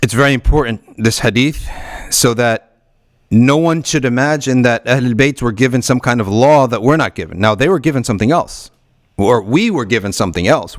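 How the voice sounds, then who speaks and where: A man teaching a weekly religious study circle, reading Arabic passages quickly and then explaining them in English, with frequent restarts. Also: lowish voice, dry recording, clean studio sound. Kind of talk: conversational religious lesson.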